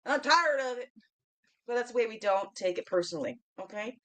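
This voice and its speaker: A woman hosting a daily reflection show, chatting through her spiritual card reading. She keeps asking "okay?", laughs often and swings from loud bursts to soft asides. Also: on the high side, lively intonation, a little fast.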